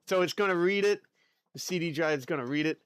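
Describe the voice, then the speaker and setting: A man's voice: a little high, normal speed, clean tone, no room sound. A male streamer chatting casually and playfully with his live chat while he works at his desk.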